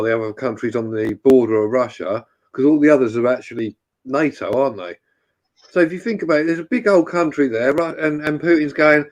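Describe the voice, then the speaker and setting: A man's voice: medium pitch, dull audio. A man joking and swearing in a casual live-stream chat.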